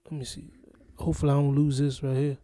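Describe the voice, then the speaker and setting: Mellow-voiced man ranting casually. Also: mid-range voice, level tone, quick pace, dry recording, clean studio sound. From Florida. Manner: rambling, repetitive, exasperated. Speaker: reaction channel host. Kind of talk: casual reaction commentary.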